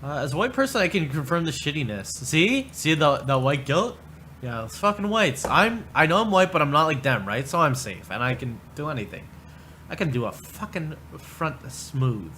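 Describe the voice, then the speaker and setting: Man, livestream host, sarcastic and profane, bright voice, lively pitch swings. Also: moderate pace, slight background noise. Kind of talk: casual livestream commentary.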